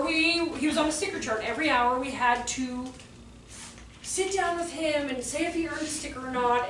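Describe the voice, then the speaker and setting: A woman in her forties teaching childcare staff about behavior, with a high voice and a sassy, storytelling manner. She slips into the children's voices as she tells her stories. She is heard from a distant mic in an echoey room, with faint noise behind her. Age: 40s. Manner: lively, sassy storytelling, acts out kids' voices. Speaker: behavior trainer. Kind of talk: workshop talk to childcare staff.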